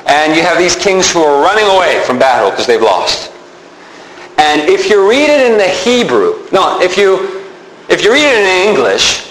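Guy giving a sermon, kinda high voice, chatty, echoey room w faint hum. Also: a bit bright. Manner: conversational, explains with repeated examples. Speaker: pastor.

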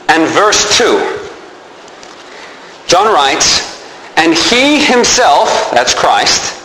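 A preacher with a slightly high, pushed, bright voice teaches a sermon, posing rhetorical questions to his listeners and then answering them himself. The recording comes from an echoey hall with faint background noise.

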